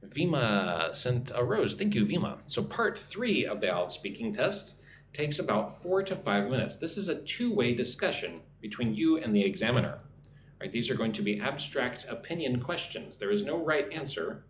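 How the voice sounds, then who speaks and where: An American man teaches a live English lesson in a mid-range voice, his pitch swinging widely at a moderate pace. He keeps checking in with "right?" and reads viewer comments aloud. The room is echoey, with faint background noise.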